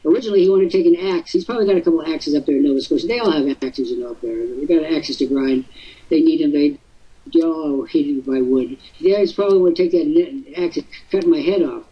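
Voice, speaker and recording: A man in his seventies hosting a live webinar, teasing and firing off rhetorical questions, his voice swooping high for emphasis. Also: fast talker, husky. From Illinois, USA. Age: 70s. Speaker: host. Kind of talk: webinar talk. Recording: dull lo-fi webinar audio.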